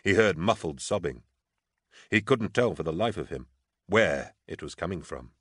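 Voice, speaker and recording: A man narrating a novel in a measured, even storytelling voice. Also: low voice, husky, no echo, studio quality. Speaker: audiobook narrator. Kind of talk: scripted narration.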